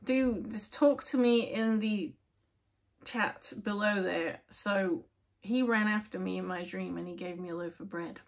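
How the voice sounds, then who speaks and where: A woman giving a casual, chatty tarot reading, with many fillers and soft, near-whispered asides. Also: mid-range voice, unhurried. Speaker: tarot reader.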